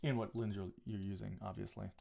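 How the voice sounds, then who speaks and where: A man's voice: lowish voice, little pitch movement, brisk, gravelly, dark tone, a little hiss or hum. A man talking casually on a live stream while he edits photos, thinking aloud with frequent restarts and small asides. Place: home photo studio.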